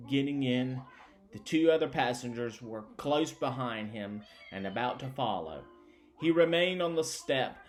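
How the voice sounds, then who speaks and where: A man reading a classic novel aloud as an audiobook narrator, measured and unhurried. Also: mid-range voice. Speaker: audiobook reader.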